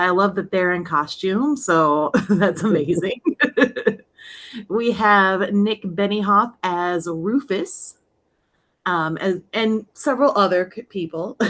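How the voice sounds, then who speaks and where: A woman's voice: lowish voice, fairly bright tone. A woman hosting an online script reading and narrating its stage directions, upbeat and laughing often.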